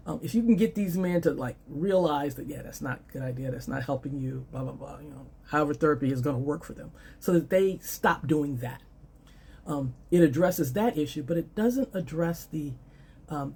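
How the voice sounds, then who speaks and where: A woman's voice: low-pitched, warm tone, breathy edge. A middle-aged woman giving dating advice in a casual monologue, often checking in with "okay?" and "all right?" and brushing things off with "blah, blah.". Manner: dismissive "blah, blah" asides.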